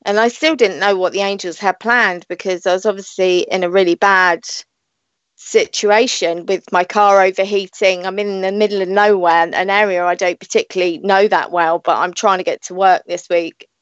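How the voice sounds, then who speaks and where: A woman's voice: medium pitch, steady tone, normal speed, no echo, highs cut off. A British woman hosting a live online radio show, talking in a chatty, rambling way and laughing often. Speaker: radio show host and psychic reader.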